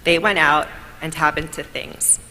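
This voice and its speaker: A woman's voice: low voice, steady tone, unhurried. A woman from New York giving an upbeat, grateful speech at an awards event and telling a story along the way. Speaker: award speaker. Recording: long hall reverb, faint noise.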